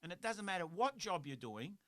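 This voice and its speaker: A middle-aged man hosts a motivational radio show. His voice sits high and bright, with a forceful edge. He talks earnestly and rambles a little, circling back to repeat his key phrases. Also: big pitch swings, a little fast. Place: radio studio.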